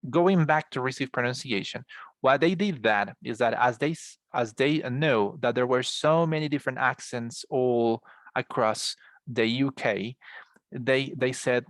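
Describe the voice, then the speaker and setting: A Colombian man with a Spanish accent teaches English over a video call in a patient, explanatory lecture style, often restarting his sentences. His voice sits at a middle pitch, and the sound is dry and close with no room echo. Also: unhurried. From Colombia, from Bogota. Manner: explanatory, addresses students as guys, frequent restarts. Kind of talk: online class lecture.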